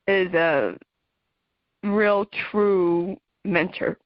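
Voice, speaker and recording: A woman's voice: lowish voice, slow, long pauses, dry recording. A middle-aged American woman hosting her own radio show, talking to her listeners in a heartfelt, emotional way and laughing often. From United States. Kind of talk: personal talk to listeners. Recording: muffled dry home recording.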